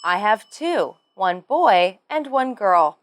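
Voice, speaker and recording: A woman teaching English pronunciation, speaking slowly and modelling each word with careful stress. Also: mid-range voice, sing-song, slight background noise. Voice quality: careful, drawn-out modelling of words. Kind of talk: slow, clearly enunciated pronunciation lesson.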